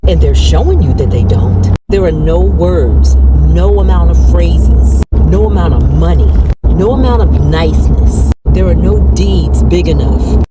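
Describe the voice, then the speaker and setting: A woman giving firm motivational relationship advice outdoors, with cars passing. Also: low voice. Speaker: advice speaker. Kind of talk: motivational talk. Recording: loud traffic noise outdoors.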